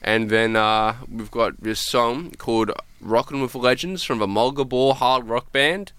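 A man's voice: medium pitch, a little slow, a bit bright, clear, resonant tone, no room sound. A young Australian man hosting a community radio show, chatting casually with slang and swearing. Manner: laid-back, slangy, swears, calls everyone bro.

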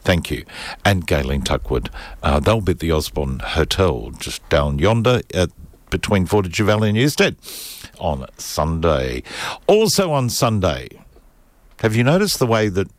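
Man, Australian accent, very low voice, lively swooping delivery, jokey rambling radio host, dry studio sound. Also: normal speed, no echo. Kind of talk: casual radio chat. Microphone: studio microphone.

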